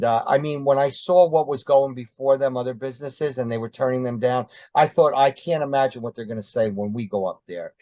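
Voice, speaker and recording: A man's voice: medium pitch, a little mellow, no room sound, dull audio. An older man recounting his past as an interview guest in casual, rambling storytelling, full of ums and uhs.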